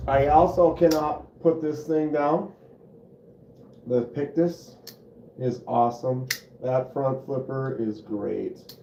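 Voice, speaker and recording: Speaking slowly in a steady, mellow, mid-range voice, this knife channel host runs a casual live stream, with a little hiss or hum present. He rambles at a relaxed pace with many fillers. Captured on a phone mic, it sounds muffled and roomy.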